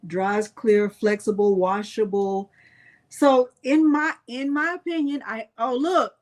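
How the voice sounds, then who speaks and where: Unhurried chatty woman crafting host. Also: a little high, fairly even intonation. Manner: chatty, reads product labels aloud and answers viewers. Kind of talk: casual live-stream tutorial.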